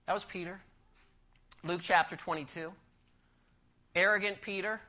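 A man's voice: high-pitched, steady tone, moderate pace, pushed and bright. A man preaching a sermon, emphatic, asking the congregation rhetorical questions and telling a story.

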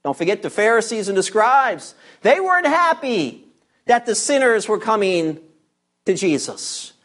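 An emphatic preacher delivering a verse-by-verse sermon. The voice sits at a middling pitch, neither high nor low. Key words are repeated and drawn out slowly for weight. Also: big pitch swings, fairly bright tone. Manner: guides listeners through scripture verses. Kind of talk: expository sermon.

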